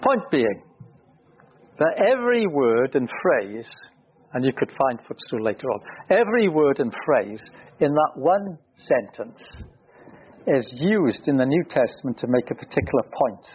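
A man's voice: mid-range voice, big pitch swings, measured pace, slightly rough. Earnest male preacher on thin radio. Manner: earnest, rising emphasis on key words. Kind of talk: expository Bible teaching. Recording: thin phone-like radio broadcast.

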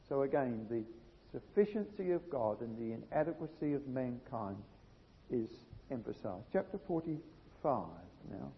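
A man's voice: medium pitch, animated, measured pace, creaky, husky. A man preaching an expository Bible sermon, reading scripture aloud and then commenting on it with rising emphasis. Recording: dull lo-fi recording in a reverberant hall.

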